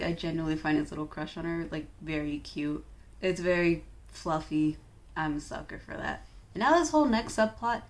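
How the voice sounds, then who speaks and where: Reviewing a manga she just finished, this young woman speaks in a mid-range voice. She chats loosely with lots of fillers, tossing in dry, offhand remarks along the way.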